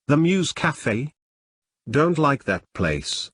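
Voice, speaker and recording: Brief: man voicing a puzzled young guy, questioning, husky and slow. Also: on the high side, very animated, a bit bright, dry recording, heavily acted.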